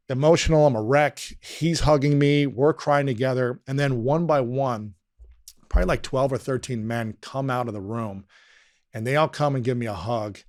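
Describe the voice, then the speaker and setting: Man, podcast guest, earnest, emotional storytelling, medium pitch, dry close sound. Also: dry recording. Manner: earnest, emotional, often drops quiet and slows down. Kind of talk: personal storytelling in conversation.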